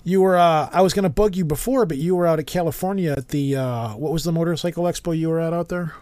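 A man's voice: fairly high pitch, quick pace, a little mellow, no room sound. A man hosting a casual podcast, telling long rambling stories with frequent restarts. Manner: rambling storyteller, many restarts. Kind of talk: casual chat.

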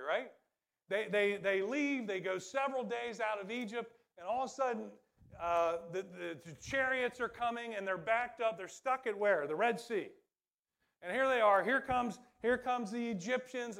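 A man's voice: high voice, gravelly, fairly bright tone. A man preaching a sermon in a conversational way that builds to emphatic calls. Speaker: pastor.

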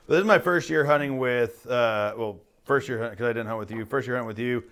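Man telling a lively hunting story. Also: mid-range voice, fairly quick. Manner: animated storyteller, acts out his own lines. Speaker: podcast host. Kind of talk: casual hunting story chat.

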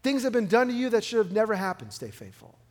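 A pastor preaching a sermon in a casual, conversational way, swinging from loud emphatic lines to hushed ones. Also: male voice, sits high, sing-song, quick pace. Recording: long hall reverb with music behind.

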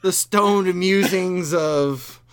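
A man's voice: high-pitched, drawn-out words, smooth, no echo, studio quality. A man co-hosting a podcast, chatting casually, laughing often and swearing now and then. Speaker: podcast co-host.

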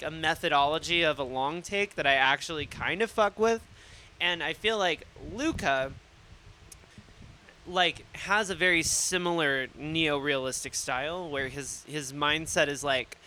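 A man's voice: on the high side, bright, forceful tone, slight background noise. A man co-hosting a film podcast, talking in a rambling, casual way and swearing freely. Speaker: podcast co-host. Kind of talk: casual chat.

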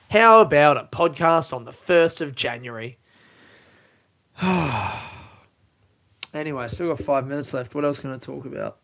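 Here a slightly bright, higher-pitched man runs his own podcast solo. A stand-up comic by trade, he wanders through frank, self-mocking talk and swears often.

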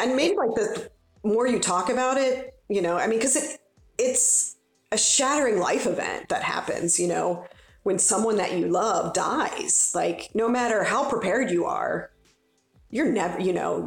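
A woman's voice: mid-range voice, unhurried, gravelly, faint music behind. A woman in her forties who works as a funeral director, talking in a casual, rambling way with lots of fillers. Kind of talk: casual podcast conversation. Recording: roomy echo.

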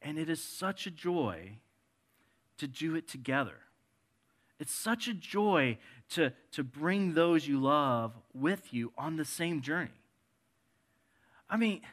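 A man preaching a sermon in a conversational way, moving between soft and emphatic delivery and reading scripture passages aloud. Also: a little high.

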